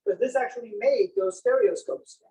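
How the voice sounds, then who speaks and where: A man's voice: high-pitched, normal speed, warm tone, distant mic, low-quality recording. A man giving a playful, jokey show-and-tell presentation on old inventions to an audience. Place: senior center room.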